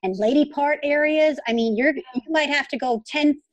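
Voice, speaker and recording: A woman's voice: sits high, moderate pace, no echo, dull audio. A woman hosting a podcast, responding supportively and rambling through her points in casual interview chat. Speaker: podcast host. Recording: dry close sound.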